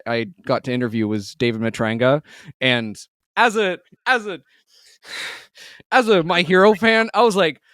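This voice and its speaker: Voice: mid-range voice, a bit bright, clear, resonant tone, dry recording, studio quality. A podcast host in a casual interview, talking loosely, with many affirmations and some scattered trains of thought.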